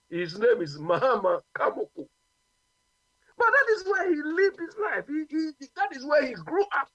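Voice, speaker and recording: A man's voice: very high-pitched, sing-song, moderate pace, pushed and bright, no room sound, lo-fi sound. A man from Ghana with a Ghanaian accent, arguing his views on a radio talk show and often asking "you understand?". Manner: emphatic, repeats "you understand?". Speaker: radio guest.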